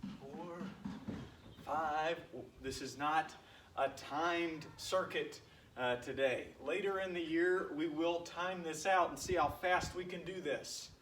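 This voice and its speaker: A PE coach with a slightly high-pitched voice leads a workout at an unhurried pace, counting reps and urging his class on while he does every exercise himself. He is heard from a distance in a reverberant room. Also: fairly bright tone, a little hiss or hum. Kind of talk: workout instruction video. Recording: echoey room picked up from a distance.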